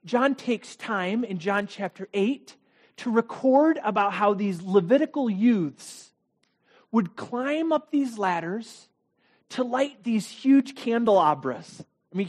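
Man preaching a dramatic sermon. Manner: dramatic storytelling, acting out quotes, rhetorical questions; swings between loud bursts and low quiet asides. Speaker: pastor.

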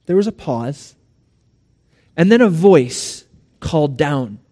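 A male pastor delivering a sermon in a church, telling a story with dramatic swings between soft and loud. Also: a little high, big pitch swings, takes it slowly, long reverb tail.

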